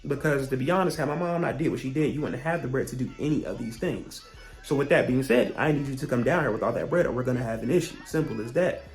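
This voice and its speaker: A young man telling a storytime vlog, profane and heated, with animated rants he acts out as quotes. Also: mid-range voice, fast talker, soft background music. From Virginia, US. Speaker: vlogger.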